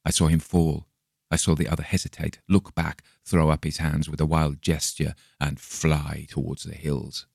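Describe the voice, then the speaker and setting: Male narrator, very low voice with gravelly fry, dry close recording, measured storytelling. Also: little pitch movement, darkish tone, no echo. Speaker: audiobook narrator. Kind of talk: scripted narration of a classic story.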